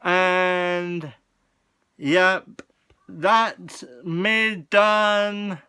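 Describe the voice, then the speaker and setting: A man's voice: high-pitched, little pitch movement, extremely slow, sharp tone, clear, resonant tone, dry recording, studio quality. A man co-hosting, chiming in casually with short agreeing remarks. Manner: brief interjections, agreeing. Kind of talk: casual chat.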